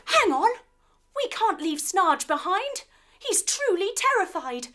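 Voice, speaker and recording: A woman reading a children's story aloud and voicing a brave young male space hero who speaks earnestly and pleadingly, with a raised, lively pitch. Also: takes it slowly, noisy background, exaggerated voice.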